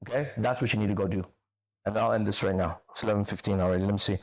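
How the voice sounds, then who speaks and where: A man's voice: fairly low pitch, steady tone, very fast, gravelly. A man hosting a livestream, answering chat comments in a confrontational, profane, lecturing way. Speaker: host.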